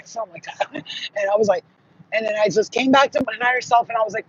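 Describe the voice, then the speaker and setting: A man telling spiritual stories in casual monologue, profane and animated, acting out what people said. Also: high-pitched, quick pace, husky, muffled recording. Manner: profane, animated, acts out quotes. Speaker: spiritual channel host.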